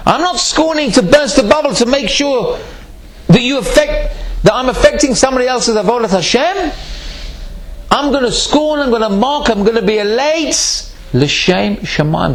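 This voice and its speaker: A man, a rabbi, giving a Torah class and telling a joke as an animated storyteller. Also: moderate pace, vocal fry. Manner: animated storyteller, swooping between high and low.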